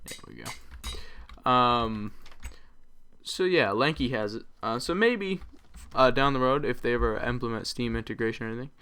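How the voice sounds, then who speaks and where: A man's voice: medium pitch, normal speed, bright, forceful tone, clean tone. A man hosting a let's play, chatting casually over his gameplay and rambling with many ums and uhs.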